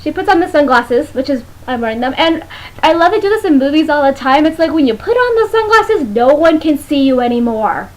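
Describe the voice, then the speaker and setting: A young woman with a bright, high voice, chatting her way through a music video review. She is playful and animated, tossing in jokey asides as she goes, in the easy manner of a home video. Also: fairly quick, poor audio. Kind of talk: casual vlog commentary.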